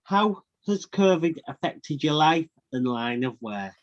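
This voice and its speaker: A man's voice: on the high side, expressive, a little slow. A man interviewing a radio presenter. He reads out numbered questions and answers in short replies. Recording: dull lo-fi sound.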